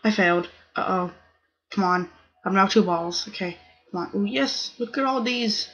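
A gaming channel host calls live gameplay excitably at medium pitch and normal speed, repeatedly crying short "no" and "come on" and exclaiming "oh my goodness."

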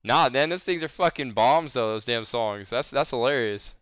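A man's voice: medium pitch, expressive, moderate pace, a bit bright, clean tone, dry recording, studio quality. A man in his twenties with a Southern American accent, streaming and chatting casually with friends, rambling, swearing and laughing often. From Southern United States. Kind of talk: casual gaming voice chat.

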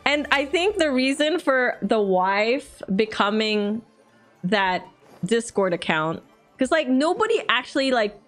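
A woman's voice: a little high, measured pace, faint music behind. A young woman streamer, reading a story aloud and then chatting casually and animatedly with her viewers. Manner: animated, giggly, chatty with chat.

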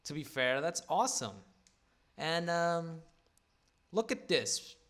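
A young man casually commentating a football video game, swearing a lot and getting loud at big moments. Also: a little high, takes it slowly. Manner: excitable, swears constantly, shouts at big moments. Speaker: gaming commentator.

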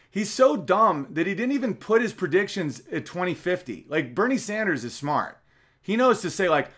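A man's voice: high voice, big pitch swings, normal speed, fairly bright tone. Profane, rambling male comedian host. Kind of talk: casual comedic monologue.

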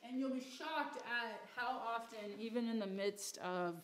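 A woman's voice: fairly high pitch, unhurried, slight background noise. Chatty woman teaching a Bible class. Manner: chatty and joking, with asides to the audience. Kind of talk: casual teaching talk.

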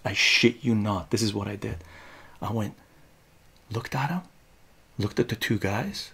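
A man, telling a story on a live stream in a casual, profane, animated way, often tagging his lines with "right?". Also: lowish voice, measured pace, vocal fry, long pauses, husky. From Iran.

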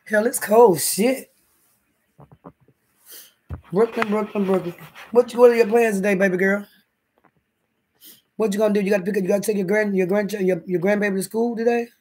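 Casting: man with a raised, high voice, loose and profane, chatting to a live audience from bed. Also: fairly even intonation, fast talker, darkish tone. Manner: rambling, profane, talks straight to the chat. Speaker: livestream host. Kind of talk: casual livestream chat. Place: indoors, in bed.

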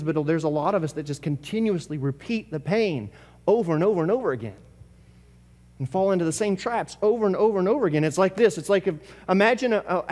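A man preaching a church sermon in a high, reaching voice, hammering phrases again and again. He swings from loud, pressing bursts down to near-hushed words. His voice rings with the long reverb of a church hall. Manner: impassioned preaching with repetition and sudden swings between loud and hushed. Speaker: pastor. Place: church service.

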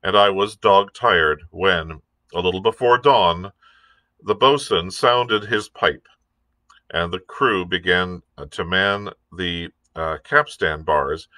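Slow-reading male librarian. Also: low voice, pushed and bright, no room sound. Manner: unhurried reading with occasional fillers. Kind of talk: storybook read-aloud.

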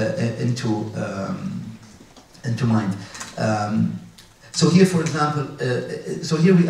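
A man from the UAE giving a conference talk with slides, halting often with fillers and restarts. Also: mid-range voice, darkish tone. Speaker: conference speaker. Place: large conference hall. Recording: echoey hall, distant mic, faint noise.

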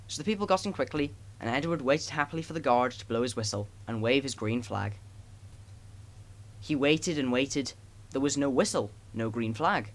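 A man narrating a children's storybook as an audiobook, in an even, gentle storytelling manner. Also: medium pitch, a little fast. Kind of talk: storybook reading.

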